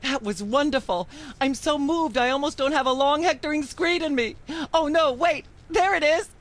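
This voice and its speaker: A woman's voice: sits high, normal speed, close to an everyday voice. A woman playing a pompous female talk-show host. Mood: preachy. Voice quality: theatrical, preachy, condescending.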